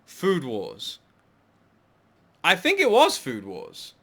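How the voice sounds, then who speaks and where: Bright-voiced man reacting to anime. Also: on the high side, extremely slow. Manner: excitable, swears casually, laughs often. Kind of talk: casual reaction commentary.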